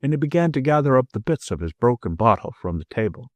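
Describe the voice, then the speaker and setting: A man narrating an audiobook in expressive storytelling style. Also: mid-range voice, fast, no room sound. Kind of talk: scripted narration.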